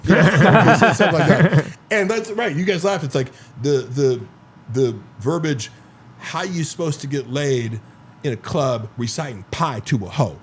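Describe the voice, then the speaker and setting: A man's voice: mid-range voice, expressive, measured pace. A man on a podcast telling long rambling stories in casual chat, full of 'like' and swearing. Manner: rambling storyteller, heavy filler 'like', profane. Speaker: podcast host.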